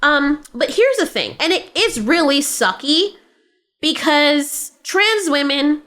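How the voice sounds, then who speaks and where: A woman's voice: high voice, expressive, takes it slowly, bright, forceful tone. A woman giving blunt, sarcastic commentary, often laughing as she talks. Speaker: commentary host. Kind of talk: opinionated commentary.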